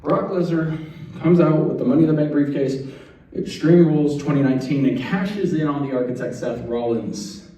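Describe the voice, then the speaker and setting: A man's voice: on the high side, moderate pace, dark tone. A young man hosting a wrestling show, ranting in playful mock outrage and then apologizing. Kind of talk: animated solo wrestling commentary. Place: event center room. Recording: very echoey room, mic far off.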